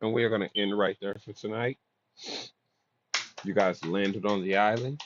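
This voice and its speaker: Male game master, low voice, casual and profane, lo-fi recording. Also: steady tone, normal speed, background noise. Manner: casual, swears freely. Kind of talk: narrating a tabletop game.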